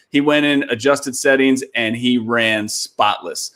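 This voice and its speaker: A man hosting a casual online talk show, telling stories in a lively, animated way. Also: medium pitch, unhurried. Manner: animated storyteller, voice jumps up when excited. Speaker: podcast host. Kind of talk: casual chat.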